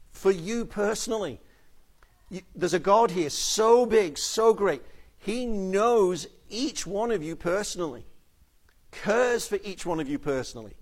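Earnest man preaching a sermon. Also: sits high. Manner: earnest, pleading, drops to soft intensity on key phrases.

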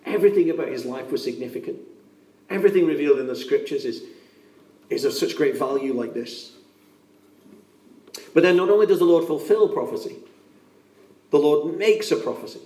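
A man's voice: on the high side, animated, brisk, pauses often, dark tone, distant mic. Earnest male preacher in an echoey room. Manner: earnest, emphatic, repeats key phrases. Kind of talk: sermon.

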